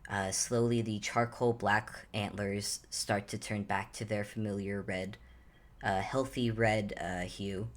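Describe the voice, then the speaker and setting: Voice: deep voice, steady tone, measured pace. A player describing a character's actions in a tabletop game, searching for words and restarting phrases.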